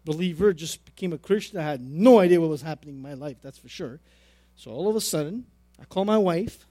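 Middle-aged man, preacher, high voice, sermon storytelling, repetitive phrasing, dry close recording. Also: expressive, brisk, warm tone, dry recording. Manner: personal storytelling with repeated phrases and swings in volume.

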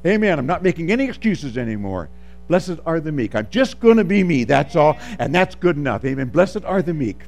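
Animated preacher man, high and lively. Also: brisk, creaky. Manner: animated, calls for amens, swings from soft to shouting. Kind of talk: sermon.

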